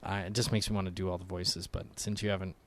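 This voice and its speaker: A man's voice: low-pitched, level tone, fast talker. A man co-hosting a casual podcast, telling loose, profane stories and slipping into voices. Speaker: podcast co-host.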